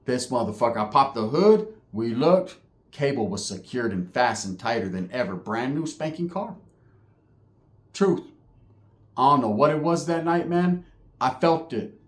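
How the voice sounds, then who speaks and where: A man's voice: medium pitch, unhurried. A man telling a story casually, with lots of slang and swearing. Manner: profane, slangy, animated. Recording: echoey room.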